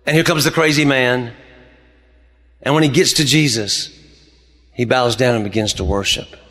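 A pastor delivers a sermon in a mid-pitched voice. He tells stories and builds his emphasis as he goes. His voice carries a long reverb, as if filling a church sanctuary. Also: steady tone, moderate pace, a bit bright. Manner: preaching with rising emphasis, storytelling.

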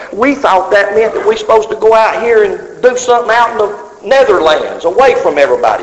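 A male pastor preaching a sermon, swinging from loud declarations to hushed whispers. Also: sits high, lively intonation, a little fast. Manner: preaching with sudden drops to a whisper. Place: church sanctuary. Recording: dull sound with long hall reverb.

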